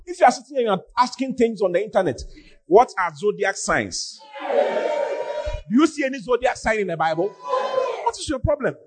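A man preaching on a podcast, scolding with animated rhetorical questions and shouting for emphasis. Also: high voice, fairly quick, over music.

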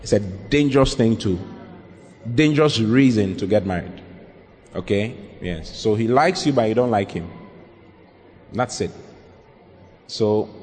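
Earnest pastor counseling in a hall. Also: male voice, fairly low pitch, a little mellow. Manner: earnest, emphatic, repeats his points. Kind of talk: sermon counseling Q&A. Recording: long reverb in a large hall.

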